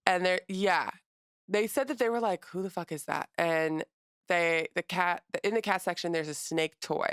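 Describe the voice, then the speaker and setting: A young adult woman co-hosting a casual podcast, retelling stories quickly with lots of quoted reactions. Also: on the low side, a bit bright, smooth, no echo, clean studio sound. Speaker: podcast co-host. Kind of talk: casual chat.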